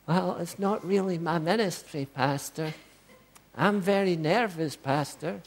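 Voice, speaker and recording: A man preaching voices a shy, nervous churchgoer who makes soft, pleading excuses to his pastor. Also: fairly high pitch, unhurried. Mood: meek.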